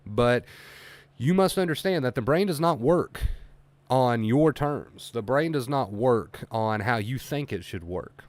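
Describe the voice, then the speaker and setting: Male recovery coach, mid-pitched, earnest and emphatic, dry room sound. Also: expressive, measured pace, no echo. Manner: earnest, emphatic, repeats key points. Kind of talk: motivational livestream talk.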